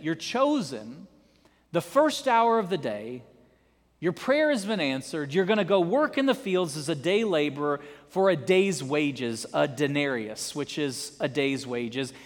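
Male preacher, sermon, lively swooping delivery, high voice, echoey church hall. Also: measured pace. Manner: animated storytelling, dramatic emphasis.

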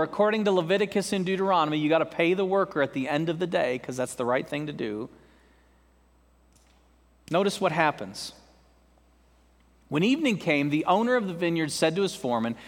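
Guy preaching in a church, highish voice, chatty and jokey with the crowd, big echoey hall. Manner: conversational, joking asides to the congregation. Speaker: pastor. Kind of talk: sermon. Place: church sanctuary. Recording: long hall reverb.

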